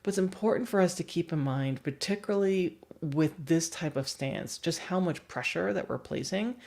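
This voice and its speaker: Low-voiced woman teaching dog training. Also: normal speed, a little mellow. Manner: explanatory, asks the audience questions, laughs often. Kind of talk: livestream dog training lesson.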